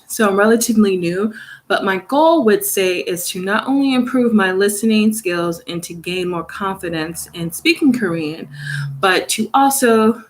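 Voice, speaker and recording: A young woman chatting casually on a phone live stream from her studio, rambling with fillers and easy laughs. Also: medium pitch. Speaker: vlogger, English teacher in South Korea. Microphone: phone camera.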